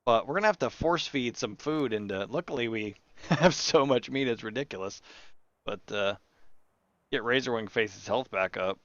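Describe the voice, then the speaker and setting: A man's voice: mid-range voice, normal speed, fairly bright tone, dry recording, dull audio. A man hosting his gaming channel, chatting and rambling through his gameplay and talking to the animals in the game. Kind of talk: casual gameplay commentary.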